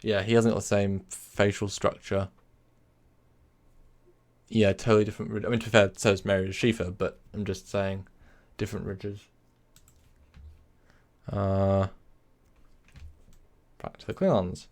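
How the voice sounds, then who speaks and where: A man's voice: lowish voice, flat delivery, measured pace, long pauses, darkish tone. A man hosting a casual live stream, rambling, correcting himself and answering chat messages. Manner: rambling, self-correcting, reads chat aloud.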